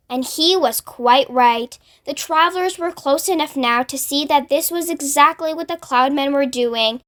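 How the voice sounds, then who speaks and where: A woman reading a children's book aloud in an expressive storytelling manner. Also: high-pitched, normal speed, hardly any pauses.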